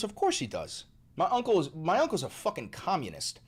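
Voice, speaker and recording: Profane, animated male livestreamer. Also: high voice, a little fast, breathy edge. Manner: profane, emphatic, repeats himself. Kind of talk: casual livestream chat, reading chat.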